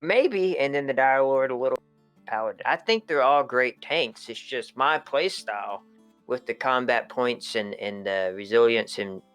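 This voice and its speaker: A man co-hosting a live stream in casual chat, thoughtful and hesitant, pausing with frequent ums. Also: medium pitch, fairly bright tone, clear, resonant tone, faint music behind. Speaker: co-host.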